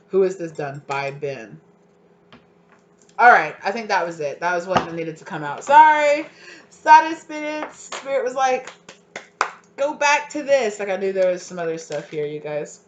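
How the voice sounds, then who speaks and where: A tarot reader giving a casual pick-a-card reading, rambling with lots of filler likes and sudden excited bursts. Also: mid-range voice, normal speed, muffled recording, background noise.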